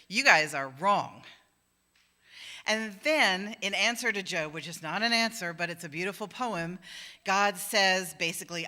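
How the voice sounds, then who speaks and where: Woman minister giving a sermon, bright voice, chatty, does little voices for quotes. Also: mid-range voice. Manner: conversational, acts out quoted voices. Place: church sanctuary.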